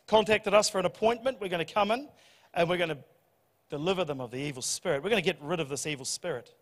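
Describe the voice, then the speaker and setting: A man's voice: high-pitched, quick pace, pitched below the performer's own voice. A pastor voicing a brash, self-assured male exorcist brother who talks with businesslike bravado, in a reverberant church hall. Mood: cocky.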